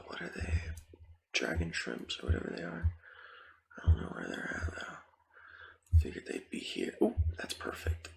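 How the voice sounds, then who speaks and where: A man with a deep, gravelly voice rambles through whispered ASMR gaming commentary at an unhurried pace. His playful, goofy asides swing widely between low murmurs and sudden high bursts. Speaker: ASMR gaming channel host.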